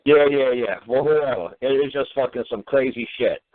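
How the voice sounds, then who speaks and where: A man's voice: medium pitch, normal speed, no room sound. Man, radio host, profane exasperated rant, tinny phone-line sound. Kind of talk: call-in radio talk.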